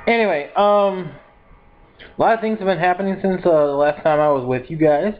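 A man's voice: high voice, brisk, narrow, tinny audio. A man in his twenties vlogging in a casual, rambling and upbeat way, with frequent laughs and filler words. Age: 20s. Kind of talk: casual chat to camera.

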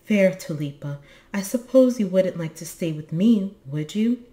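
A woman's voice: on the low side, lively intonation, a little slow, warm tone, pitched above the performer's own voice. A woman voicing a friendly, bashful young boy who keeps a lookout tower in a storybook reading. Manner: eager, bashful, hospitable. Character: shy, friendly red-haired lighthouse boy.

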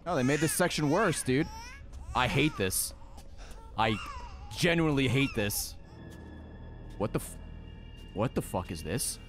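A man's voice: mid-range voice, animated, measured pace, long pauses. Guy streaming a horror game, swearing a ton, voice jumps all over, game music going behind. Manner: profane, jumpy, yelps when startled. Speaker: gaming streamer. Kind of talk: reactive gameplay commentary. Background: horror game music and sounds.

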